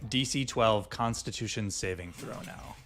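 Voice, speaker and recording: A man's voice: on the low side, normal speed. A man running a tabletop fantasy game as dungeon master, narrating and checking rules with many fillers. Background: soft fantasy music.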